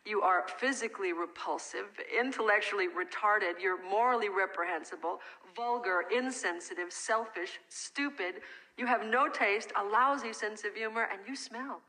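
An actress playing a blunt, sharp-tongued woman who coolly lists insults. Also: medium pitch, moderate pace, close to an everyday voice, poor audio. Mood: scornful. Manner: cutting, listing insults.

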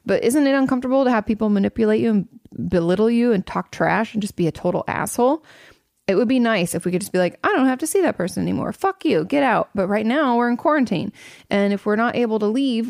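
A woman's voice: mid-range voice, vocal fry, darkish tone, no echo, studio quality. A woman hosting an advice show as a therapist, answering audience questions in a casual, blunt and candid way, swearing freely.

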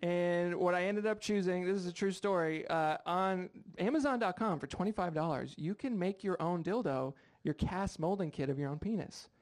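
Self-deprecating young stand-up comic. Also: male voice, high-pitched, normal speed, few pauses. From United States. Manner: self-deprecating, chatty, talks to the crowd. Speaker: stand-up comedian. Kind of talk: stand-up comedy set. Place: live comedy show with audience.

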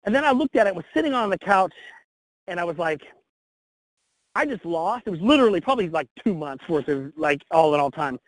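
A man in his forties with a high voice talks bluntly and with energy, swearing casually as he tells his story. The sound is close and dry, with no room around it. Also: animated, fast, dry recording, poor audio. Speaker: guest. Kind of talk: candid interview storytelling.

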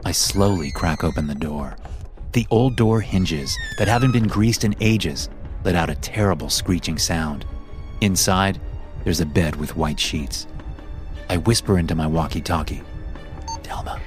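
A man with a very deep, low voice reads a scripted horror story at a slow, suspenseful pace. He builds dread line by line as the channel's host, with soft music faint underneath.

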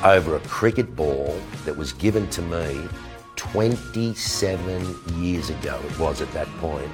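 An older man telling a lively anecdote, acting out the dialogue and laughing along the way. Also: sits low. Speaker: guest storyteller. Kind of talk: animated anecdote.

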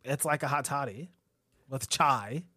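A man's voice: medium pitch, measured pace, sharp tone, dry recording, studio quality. A man hosting a casual chat who rambles, swears a lot and laughs easily.

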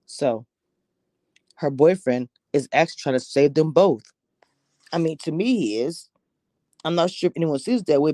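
A woman's voice: deep voice, unhurried, pauses often, darkish tone, no room sound. Woman TV reviewer, casual and chatty, slips into whispers for emphasis, dry close recording. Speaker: TV show reviewer. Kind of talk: casual episode recap.

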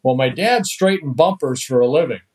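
Older male guest from the Netherlands; relaxed, chatty anecdotes with easy chuckles. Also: mid-range voice, normal speed, poor audio. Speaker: guest, retired pitcher. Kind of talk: storytelling in a podcast interview.

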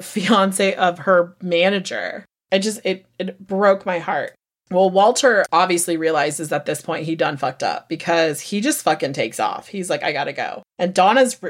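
A woman hosting a podcast, recapping a true-crime story in a heated, profane, emphatic way. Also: mid-range voice. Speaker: podcast host.

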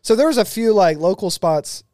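A man guest on a podcast, telling a story in a lively, fast-paced way. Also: high voice, no echo, studio quality. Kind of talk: casual storytelling.

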